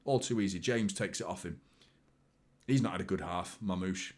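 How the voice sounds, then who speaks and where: A man hosting a football watchalong, chatting casually and reacting live to the game, jumping between excited outbursts and low muttered asides. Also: normal speed. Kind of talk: live match commentary and chat.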